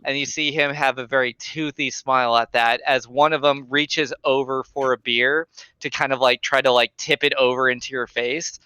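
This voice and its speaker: Bright-voiced young man running a game. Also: medium pitch, fairly even intonation, normal speed, clean tone, dry recording, rough recording. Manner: casual, full of fillers. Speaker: game master. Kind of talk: narrating a tabletop game.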